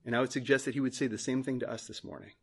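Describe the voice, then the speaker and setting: A man's voice: mid-range voice, steady tone, very fast, creaky, a bit bright, breathy edge. A male pastor preaching a sermon in church, earnest, repeating phrases for emphasis.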